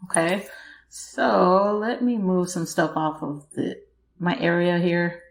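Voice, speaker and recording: A woman's voice: on the low side, takes it slowly, gravelly. A woman hosting a podcast, giving a casual tarot reading and talking straight to the listener, laughing often. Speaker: podcast host, tarot reader. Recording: echoey room.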